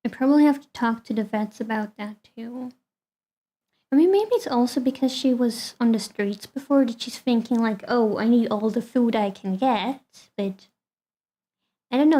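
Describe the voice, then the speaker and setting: A high-voiced woman chats casually with her stream viewers, talkative and relaxed. At times she turns to speak fondly to her cat.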